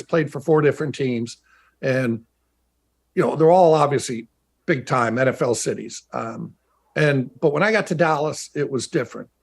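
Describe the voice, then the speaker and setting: A former player turned team broadcaster speaks in a fairly high voice during a casual video-call interview. He tells stories in an animated way, full of quick asides.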